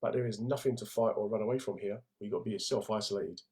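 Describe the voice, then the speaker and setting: A man's voice: lowish voice, fast, mellow. A middle-aged man with a London accent, a comedian hosting a casual livestream in a jokey, laddish way and reading out viewer comments. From England.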